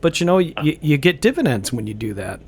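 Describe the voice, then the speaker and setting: A man's voice: fairly high pitch, sing-song, fast, a little hiss or hum. A middle-aged man from upstate New York hosting a podcast interview, earnest and friendly, often stammering as he restarts his sentences. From Brighton, Rochester, New York. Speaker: podcast host. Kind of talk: casual interview conversation.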